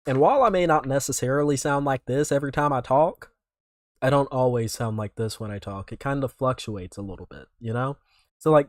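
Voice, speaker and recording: A young man from North Carolina streams and reacts to videos, rambling casually and leaning heavily on filler words during live-stream chat. His voice sits at a medium pitch, recorded cleanly in a studio with no room sound.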